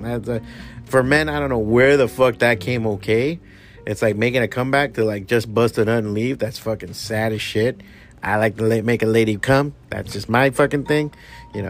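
A man's voice: medium pitch, normal speed, soft background music. A man hosting a podcast, ranting bluntly with heavy swearing and bits of Spanish slang. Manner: profane, blunt and animated. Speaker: podcast host. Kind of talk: casual ranting commentary.

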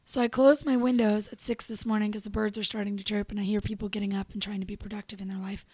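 A young adult woman co-hosting a show, telling a story in casual chat, animated and profane, acting out what people said. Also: medium pitch, quick pace, slightly rough, no room sound. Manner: animated, profane, acts out quotes. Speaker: radio show co-host.

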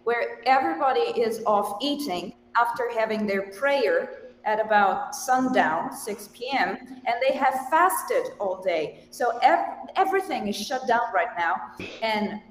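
A woman with an Italian accent explains things clearly as a remote guest. Her voice rings out in a large hall with a long reverb tail and faint background ambience. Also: a little high, animated, unhurried, slight background noise. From Italy. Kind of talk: remote interview. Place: large echoey hall in Egypt.

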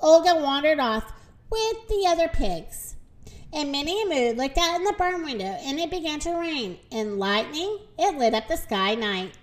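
A woman reading a children's picture book aloud with expressive storytelling. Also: high-pitched, normal speed.

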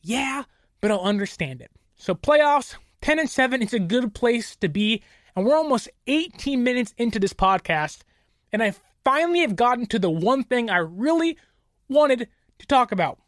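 A woman hosting a sports podcast. She talks in a casual, opinionated, animated way. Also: a little high, dry recording, studio quality. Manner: animated, opinionated, quick to joke. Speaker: podcast host.

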